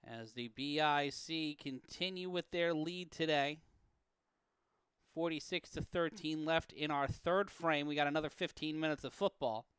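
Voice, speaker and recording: A man calling an amateur football game play-by-play, profane and prone to erupting into shouts and laughter on big plays. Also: on the high side, measured pace, clear, resonant tone, no room sound, clean studio sound. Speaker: play-by-play commentator. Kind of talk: sports commentary.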